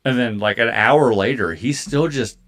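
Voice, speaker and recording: Male podcast co-host, 30s, casual storyteller, animated, rambling with fillers. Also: mid-range voice, normal speed. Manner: animated, heavy filler words and swearing.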